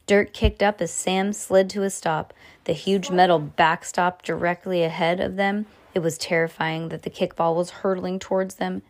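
A woman reading a children's adventure book aloud at home, with lively, expressive reading and occasional stumbles she corrects herself. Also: moderate pace. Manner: expressive read-aloud with pitch jumps for dialogue; casual asides about the book. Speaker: reader.

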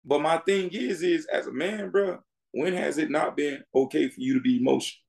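A man's voice: on the high side, normal speed, gravelly, a little mellow. A man who grew up in Miami, speaking as the guest on a podcast interview in an emphatic, preaching way. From Miami, Florida. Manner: preachy, emphatic, addresses listener as bro. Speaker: music artist guest.

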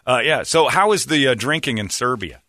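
A man hosting a casual interview, asking quick questions and reacting to his guest. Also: medium pitch, lively intonation, sharp tone, no echo, studio quality. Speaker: podcast host.

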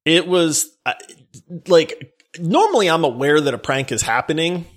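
A man from Louisiana tells a story in casual podcast chat. He laughs along and acts out the quotes loudly. His voice sits a bit high and moves around a lot. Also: lively intonation, moderate pace.

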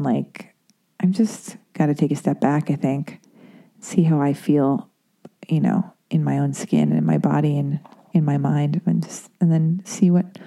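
A woman's voice: on the low side, mellow. A woman telling a candid personal story in a rambling, confessional way, full of "like" and "you know". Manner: rambling, confessional, heavy use of "like".

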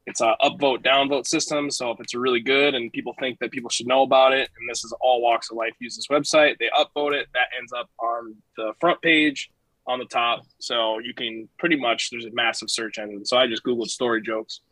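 A man's voice: medium pitch, fairly even intonation, brisk, bright, forceful tone, no echo, rough recording. A man co-hosting a casual podcast in an easygoing way, chuckling and explaining things plainly. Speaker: podcast co-host. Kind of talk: casual chat.

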